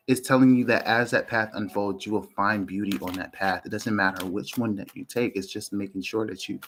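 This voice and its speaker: A man giving a casual tarot reading, meandering with frequent ums and restarts and often clearing his throat. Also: on the low side, fairly even intonation, a little fast, hardly any pauses, a bit bright, slight background noise, rough recording. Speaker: tarot reader.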